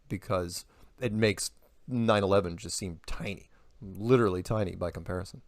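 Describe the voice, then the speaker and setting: A man's voice: deep voice, steady tone, a little fast, no room sound, clean studio sound. A man talking in a casual podcast conversation, rambling, laughing often and acting out the quotes he reports. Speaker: podcast guest.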